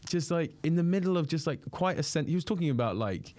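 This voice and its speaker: A young man, a podcast guest and impressionist telling animated anecdotes with many restarts. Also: fairly high pitch, fast, no room sound. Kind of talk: casual storytelling.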